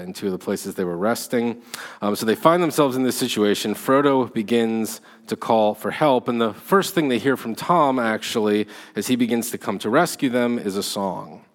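A male teacher giving a measured lecture with frequent "uh" and "um", reading literature aloud and explaining it. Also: on the low side. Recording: long hall reverb.

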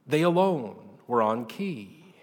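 A man's voice: medium pitch, slow. Man reading a story with long reverb. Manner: dramatic, animated delivery. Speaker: narrator.

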